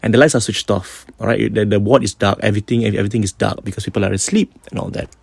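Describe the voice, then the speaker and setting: A man with a Singaporean accent retelling ghost stories casually as a podcast host, animated and mixing in Malay phrases. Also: on the low side, fast, creaky, husky, no room sound.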